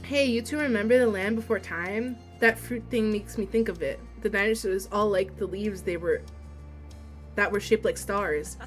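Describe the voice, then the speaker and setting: A young woman on a livestream reads a story game aloud, her pitch sitting in a middle register. She giggles and curses between passages. Faint game music plays softly beneath her desk-mic voice. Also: moderate pace. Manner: giggly, swears, reads dialogue in a quieter steady voice. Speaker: streamer.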